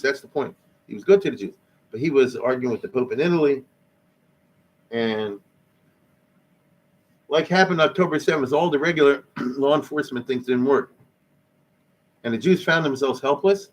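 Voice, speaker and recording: A man's voice: medium pitch, normal speed, long pauses, breathy edge, rough recording. An older man, a rabbi, teaching Jewish history in a conversational, emphatic lecture style, dropping in Hebrew and Yiddish terms.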